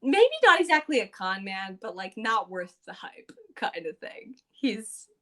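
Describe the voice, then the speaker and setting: A woman's voice: medium pitch, very animated, a little slow, pushed and bright. A woman podcast co-host casually recapping a tabletop game session, chatty and loose with lots of fillers.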